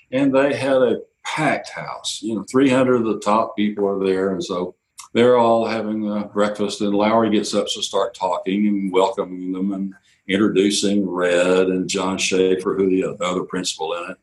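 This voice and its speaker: A man's voice: sits low, normal speed, rough recording. Older man telling radio-career stories. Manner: anecdotal, quotes others in lively bursts. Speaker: interview guest, radio executive. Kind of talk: storytelling interview.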